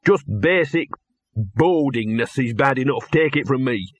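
A man's voice: mid-range voice, expressive, unhurried, husky. A man voicing a streetwise talking mongrel dog who is gloomy and sardonic and speaks in a blunt, slangy, grumbling way. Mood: ominous.

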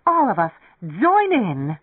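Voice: mid-range voice, big pitch swings, a little fast, voice pushed up. An exuberant young woman pianist, as a reader voices her. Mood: ecstatic. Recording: tinny, dry radio broadcast.

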